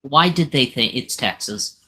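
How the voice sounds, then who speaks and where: A young man co-hosting a podcast, bantering about politics in an animated, joking, profane way. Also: medium pitch, a little slow, breathy edge. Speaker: podcast co-host. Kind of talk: casual political chat.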